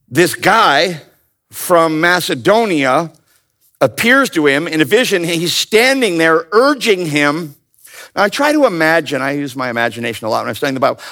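A man teaching a Bible study in a lively, joking way, often calling on his listeners to answer. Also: on the high side. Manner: animated, playful, calls out to the audience. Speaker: pastor.

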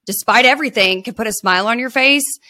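Bright, chatty woman podcast host. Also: a little high, fast talker. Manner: chatty, upbeat, swears casually. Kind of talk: casual interview.

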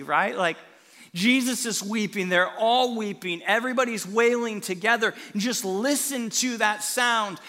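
A man preaching a sermon as a pastor, telling the story in an animated way that moves between hushed and loud. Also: high voice, measured pace, in a large hall.

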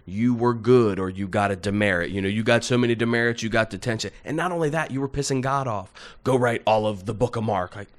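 A man who is an aspiring comedian, a podcast guest in casual chat, telling stories in a relaxed way with laughs. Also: lowish voice, quick pace, few pauses. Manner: relaxed storyteller, laughs while telling anecdotes.

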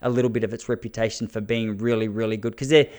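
A man in his thirties with an Australian accent, a comedian and podcast host telling stories in a casual monologue, animated and chatty with frequent restarts. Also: on the low side, fast.

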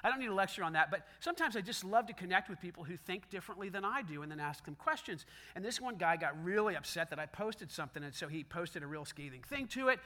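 High, bright, animated male preacher. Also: quick pace, few pauses. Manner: animated, conversational, acts out dialogue, laughs often. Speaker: pastor. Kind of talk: sermon.

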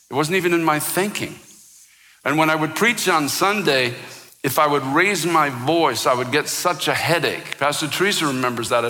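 A man's voice: mid-range voice, bright, forceful tone, big-room sound. A man preaching a sermon as pastor, telling a personal story with impassioned, rising intensity.

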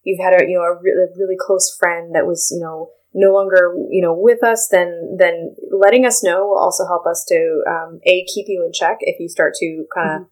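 A woman wedding planner talks casually on a podcast in a slightly low voice. She rambles a little and often restarts her sentences. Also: fairly even intonation, darkish tone, low-quality recording. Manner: rambling, halting restarts with "you know".

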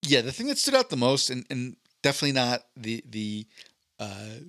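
A man of ordinary pitch, neither high nor low, spins a meandering story on a podcast, loose and casual with the odd curse word. His voice comes across close and dry, with no room around it. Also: big pitch swings, normal speed, fairly bright tone, no room sound. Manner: rambling anecdotal storytelling with profanity. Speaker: podcast co-host. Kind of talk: casual chat.

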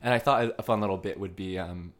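Host: man, very low voice, relaxed and playful, lots of ums. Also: fast talker. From Vermont, United States. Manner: loose and playful, frequent ums, swears casually. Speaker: podcast host. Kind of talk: casual chat.

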